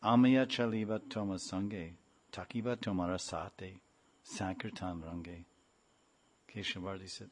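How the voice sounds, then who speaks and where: A man's voice: sits low, fairly even intonation. A man giving a devotional scripture lecture, chanting mantras and singing verses before explaining them. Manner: sings verses, then explains them slowly. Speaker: spiritual teacher.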